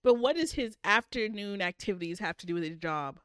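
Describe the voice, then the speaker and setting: A woman's voice: medium pitch, lively intonation, a little fast, fairly bright tone, clean tone, dry recording, clean studio sound. A young woman co-hosting a casual book chat, playful and teasing, spinning silly scenarios. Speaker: podcast co-host.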